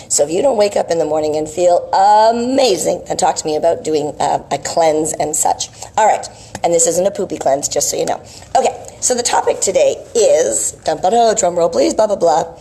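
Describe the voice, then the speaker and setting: A woman's voice: fairly low pitch, vocal fry, warm tone, husky. A woman vlogging about health, telling a rambling story in a casual, chatty way and checking in with "right?" asides.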